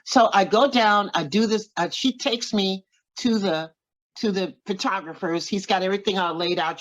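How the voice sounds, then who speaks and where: A woman in her seventies from Oklahoma, a singer and interview guest, telling a story in an animated way and acting out other people's lines. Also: mid-range voice, moderate pace, rough recording. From Oklahoma, USA.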